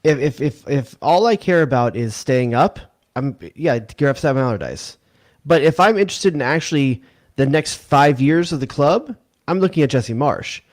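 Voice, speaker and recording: A man's voice: on the high side, lively intonation, normal speed. A man co-hosting a soccer podcast, talking casually and with slang, often stammering and repeating words. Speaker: podcast co-host. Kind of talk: casual sports debate.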